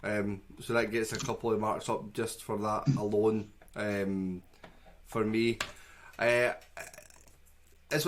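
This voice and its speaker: A man chats on a film podcast, eager and teasing as he defends a movie. His voice sits on the low side. He talks in a loose, conversational way. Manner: teasing, enthusiastic, chatty. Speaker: podcast co-host. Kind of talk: casual film review chat.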